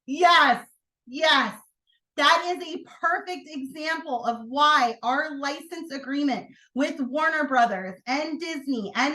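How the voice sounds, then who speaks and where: A woman leading a sales team training, talking in an energetic, chatty way with sudden excited outbursts. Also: high-pitched. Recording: roomy echo.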